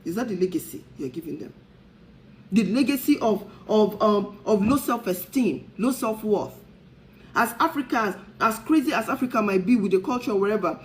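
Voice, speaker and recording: A woman's voice: medium pitch, low-quality recording. A woman, a talk show host, speaking in an impassioned preaching style and firing off repeated rhetorical questions.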